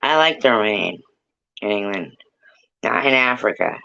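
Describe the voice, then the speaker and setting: Slow rambly woman on a livestream, gravelly voice, cusses a lot, muffled lo-fi sound. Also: extremely low pitch, animated, bright, forceful tone. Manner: rambling, swears a lot, sings snatches. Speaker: live-stream host chatting with viewers. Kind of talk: casual chat.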